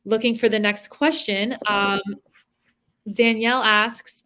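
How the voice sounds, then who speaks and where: A woman's voice: a little high, steady tone, takes it slowly, sharp tone, clean tone. A woman moderating a panel discussion, responding sympathetically and reading out audience questions.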